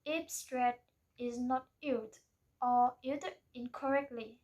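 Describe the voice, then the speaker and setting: High-voiced woman slowly reading a presentation. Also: steady tone, warm tone, dull audio. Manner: careful, reading aloud from a script. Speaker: student presenter.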